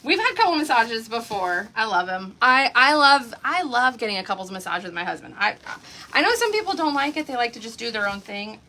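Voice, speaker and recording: Lady doing a craft livestream, high bright voice, chatty, laughs a lot, talks right to the viewers. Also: sing-song, brisk. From Oklahoma, USA. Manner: chatty storyteller, laughing often, addressing viewers directly. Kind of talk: casual chat on a livestream.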